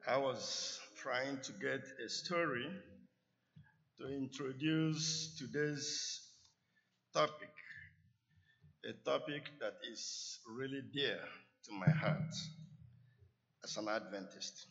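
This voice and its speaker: A male church elder tells a sermon story, very slow and deliberate, with a bright, clear tone. The sound is dull and lo-fi. A long reverb from the church sanctuary hangs after every phrase. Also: medium pitch. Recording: echoey church hall, dull lo-fi.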